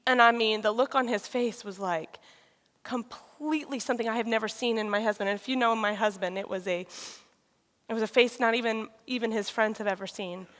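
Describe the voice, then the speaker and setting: A woman, sharing a candid personal testimony with pauses and restarts. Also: on the high side, steady tone, fairly bright tone. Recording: long reverb of a large hall.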